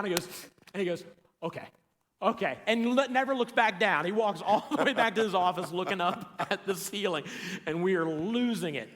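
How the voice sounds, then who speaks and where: Man, slightly high voice, casual storyteller, laughs a lot, large empty church auditorium, long reverb. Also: fairly quick, slight background noise. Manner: animated storyteller, laughs often and acts out other people's lines. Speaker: church show co-host.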